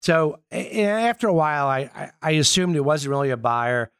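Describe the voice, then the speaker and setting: A man who works as a yacht broker, talking casually in a halting way with many restarts. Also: a little high, expressive, smooth, dry recording, studio quality. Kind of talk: casual conversation.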